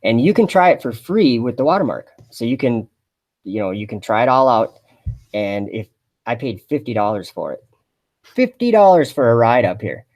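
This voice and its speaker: A man chatting on a mock live stream in a deadpan, rambling way, full of fillers and restarts. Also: mid-range voice, moderate pace. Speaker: satirical livestreamer posing as an astronaut.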